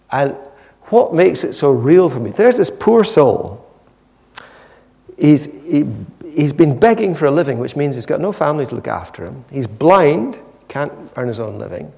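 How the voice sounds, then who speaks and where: A man preaching a sermon, retelling a story with lively, dramatic storytelling. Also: a little high, vocal fry, long reverb tail. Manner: animated storytelling, acting out the scene.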